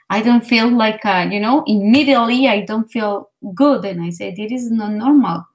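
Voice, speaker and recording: A woman from Colombia, a native Spanish speaker with a Colombian accent, telling an animated story full of fillers during casual conversation practice. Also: medium pitch, normal speed, few pauses, rough recording. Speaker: language learner.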